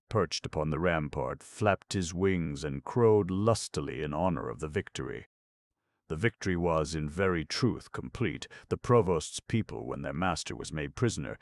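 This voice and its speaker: A man reading a classic novel aloud as an audiobook narrator, in a measured, formal storytelling manner. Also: a bass voice, no room sound. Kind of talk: scripted narration.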